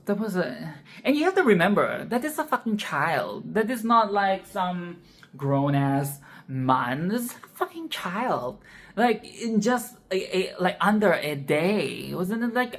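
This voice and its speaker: A woman casually discussing a film she loves, emphatic and profane, repeating her points with "okay?". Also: lowish voice. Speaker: film reviewer.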